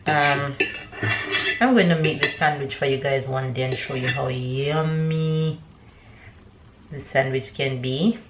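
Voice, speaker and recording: A woman's voice: extremely low pitch, heavy background noise. Young woman, family vlogger, chatty step-by-step narration, echoey kitchen. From Jamaica. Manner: chatty, narrates each step as she goes. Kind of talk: casual chat to camera. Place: home kitchen. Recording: echoey kitchen with clattering dishes.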